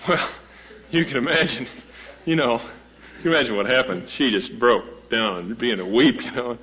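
A man's voice: mid-range voice, a little slow, long pauses, sharp tone. A man introducing a guest speaker to a live audience, telling a humorous story in a folksy, rambling way with many fillers and restarts. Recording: dull lo-fi old recording.

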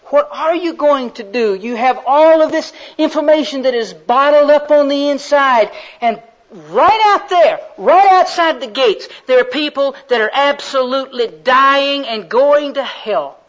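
High-voiced fervent male preacher. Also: animated, a little slow. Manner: fervent, folksy storytelling. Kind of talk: sermon. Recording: slightly muffled recording.

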